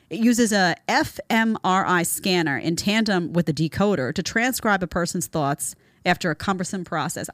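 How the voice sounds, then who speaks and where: Lively, sarcastic woman podcast host. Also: lowish voice, no room sound, studio quality. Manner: sarcastic, exasperated, mocking; reads article excerpts aloud with scornful asides. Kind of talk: opinionated commentary show.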